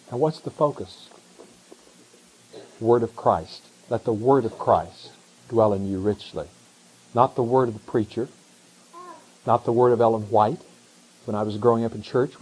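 A middle-aged man, a pastor, preaching a conversational sermon that swings between hushed asides and excited emphasis. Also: mid-range voice, moderate pace, pauses often, husky, rough recording.

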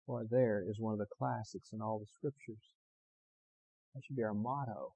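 A man preaching a sermon, moving from calm storytelling to loud, impassioned preaching that repeats phrases for emphasis. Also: medium pitch, brisk, husky, rough recording. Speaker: pastor.

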